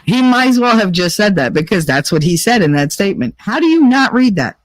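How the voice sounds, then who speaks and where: A woman's voice: mid-range voice, big pitch swings, brisk, no room sound. A woman hosting a live podcast, chatting casually and candidly with her listeners, slipping into profane, sarcastic rants. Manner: candid and confessional. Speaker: podcast host. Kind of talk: casual chat to a live audience.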